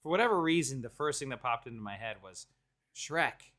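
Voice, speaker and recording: A man co-hosting a casual movie talk show, telling scenes with lively impressions. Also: mid-range voice, fairly quick. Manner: animated, bursts into exaggerated impressions while retelling scenes. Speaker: co-host. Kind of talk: casual chat.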